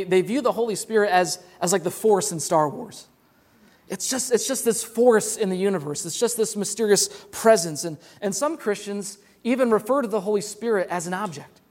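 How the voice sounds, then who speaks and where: A young man preaching a sermon as pastor, earnest and repeating words as he explains. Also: high-pitched.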